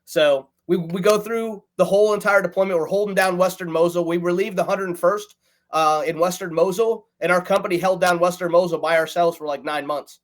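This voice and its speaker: A man's voice: sits high, fairly even intonation, a little fast, poor audio. A male veteran and author telling his unit's war story in an earnest, matter-of-fact way as a guest. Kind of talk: storytelling in casual chat.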